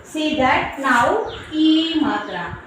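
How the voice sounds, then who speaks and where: A high-voiced woman teacher sounds out syllables very slowly, one by one, and explains each step in plain, halting English. She is recorded in a strongly echoing room, with a faint hum of noise behind her. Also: lively intonation, a bit bright. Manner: slow, syllable-by-syllable dictation with non-native English phrasing. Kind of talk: classroom lesson on Hindi vowel signs.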